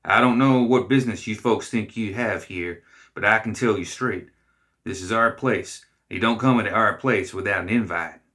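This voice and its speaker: A small, pompous gremlin chief, as a man puts him on in a storybook reading, drawling with self-important weight. His voice stays low and brightly edged. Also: normal speed. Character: pompous little male gremlin boss.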